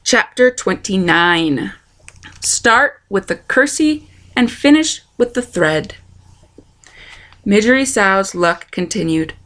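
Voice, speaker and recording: A woman reading a children's novel aloud, expressive and speaking to the listener. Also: mid-range voice, slow. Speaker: storytime reader.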